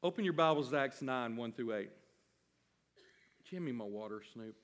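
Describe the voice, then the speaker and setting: A man's voice: medium pitch, animated, normal speed, big-room sound. A man preaching a sermon to his congregation, reading scripture and stretching out key phrases with rising emphasis. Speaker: pastor.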